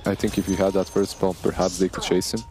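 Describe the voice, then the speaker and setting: Low-voiced chatty male esports caster. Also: monotone, quick pace, music in the background. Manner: chatty, musing. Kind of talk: casual esports commentary.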